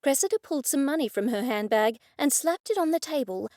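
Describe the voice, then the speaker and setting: Woman audiobook narrator, measured delivery, higher pitch, dry sound. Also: lively intonation, a little mellow, dry recording. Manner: measured storytelling. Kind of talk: scripted narration.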